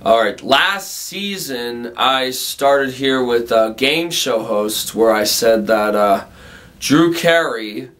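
A man's voice: mid-range voice, a bit bright. A man hosting his own comedic vlog in a casual, goofy way, laughing often between lines. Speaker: vlog host.

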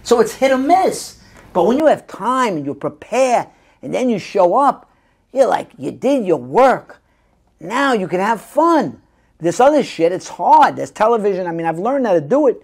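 A man's voice: high voice, very animated, moderate pace, vocal fry, slightly rough. A middle-aged male actor telling stories in a casual interview, acting out the voices of people he quotes. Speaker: guest actor.

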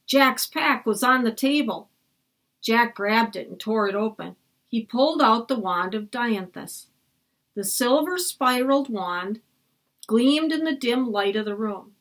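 Lady reading a kids book out loud, voice goes up for the kids talking, down for the narration. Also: animated, unhurried. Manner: lifts her pitch for the children's lines and drops low for the narration. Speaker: teacher reading aloud. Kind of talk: read-aloud storytelling.

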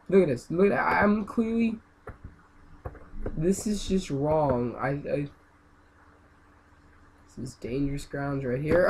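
A young man giving casual gameplay commentary, rambling and then yelling and ranting at the game. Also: on the high side, lively intonation, normal speed. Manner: rambling, yells and rants at the game. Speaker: gaming channel host. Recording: noisy amateur home recording.

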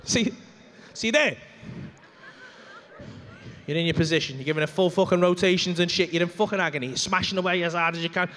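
Stand-up guy, really high voice, crude and animated, acts stuff out with moans and gasps on stage. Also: a little fast, pauses often, a little hiss or hum. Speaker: stand-up comedian. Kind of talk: stand-up comedy set. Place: comedy club stage.

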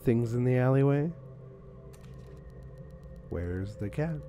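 A male gamer narrates his playthrough with bemused, wisecracking remarks. He talks slowly at a middling pitch. He reads the characters' lines aloud as he goes. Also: animated, mellow, soft background music. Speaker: gaming channel host. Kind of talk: game playthrough commentary, reading and voicing characters.

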